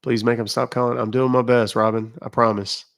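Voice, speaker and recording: Gravelly-voiced man hosting a live stream. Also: medium pitch, flat delivery, brisk. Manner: chatty, reads out chat comments, explains rules. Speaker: livestream host. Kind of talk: casual live-stream chat with viewers.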